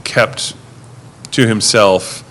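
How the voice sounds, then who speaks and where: A man's voice: fairly low pitch, fairly even intonation, very slow, a bit bright, a little hiss or hum. A man who works as a rideshare driver telling stories in a casual chat, mimicking his passengers. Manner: easygoing storyteller, mimics passengers. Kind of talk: casual storytelling on a podcast.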